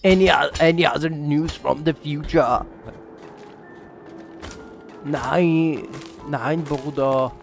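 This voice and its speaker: A man putting on a gruff, terse Austrian-accented impression of a famous action star, speaking in a flat, deadpan way. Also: fairly high pitch, slow pace, long pauses, soft background music. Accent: Austrian German.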